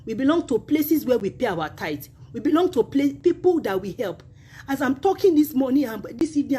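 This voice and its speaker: A woman's voice: sits high, big pitch swings, brisk, dark tone, breathy edge. A woman with a Nigerian accent, a university union member making an impassioned video appeal, emphatic and indignant, repeating her points.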